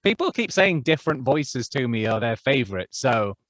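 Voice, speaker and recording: A man's voice: medium pitch, big pitch swings, moderate pace, fairly bright tone. A man who narrates audiobooks, chatting casually as an interview guest, with lots of fillers and restarts. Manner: chatty, self-deprecating, many fillers and restarts.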